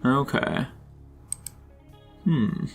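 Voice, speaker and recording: A man's voice: very slow, faint music behind. A young man leading a casual podcast chat, asking questions in a teasing way and making crude jokes. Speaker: podcast co-host.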